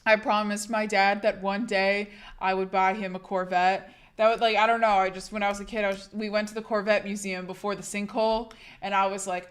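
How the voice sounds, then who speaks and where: A young woman streamer with a hoarse, husky sick voice, rambling casually to her chat and swearing a lot. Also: medium pitch, flat delivery, a little fast, hardly any pauses.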